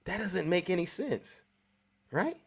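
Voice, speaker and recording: Man, talk show host, slightly high voice, pushy, rhetorical, interrupts callers. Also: big pitch swings, measured pace, gravelly, slightly rough. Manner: pressing, rhetorical, asks "right?" often. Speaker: host of a live political call-in show. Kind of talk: argumentative debate with a caller.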